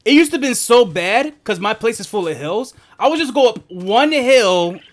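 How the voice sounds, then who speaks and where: Animated high-voiced man streaming a game. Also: moderate pace. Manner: profane, rambling, laughs often. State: asthmatic. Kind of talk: casual gaming stream chat.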